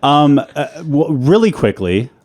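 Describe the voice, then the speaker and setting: A man co-hosting a podcast, reacting with jokes and quick asides in casual chat. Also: fairly high pitch, sing-song, darkish tone. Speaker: podcast co-host.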